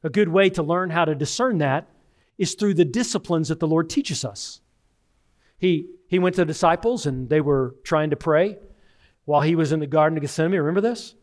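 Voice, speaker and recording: Male pastor, sermon delivery, somewhat high voice, conversational storytelling with dramatic loud-to-soft swings. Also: a little fast. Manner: preaching with dramatic swings from loud emphasis to hushed tones; conversational, tells personal stories.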